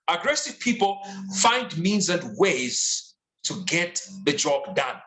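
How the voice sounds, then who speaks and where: Animated, bright-voiced man exhorting. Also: fairly high pitch, slow pace, reverberant, poor audio. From Zambia. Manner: emphatic, repetitive exhortation. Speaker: sales and leadership trainer, guest speaker. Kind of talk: motivational talk.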